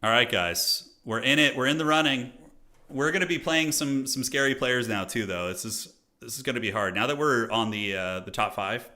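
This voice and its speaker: Guy streaming, bright forceful tone, chatty and joking with chat. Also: medium pitch, moderate pace. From United States. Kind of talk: casual live-stream game commentary.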